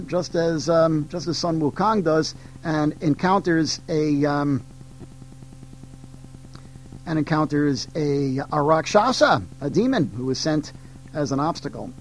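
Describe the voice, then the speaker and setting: A man's voice: fairly high pitch, poor audio. A man reading literature passages aloud as a teacher, with ums and restarts when he talks between passages. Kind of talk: classroom read-aloud of literature.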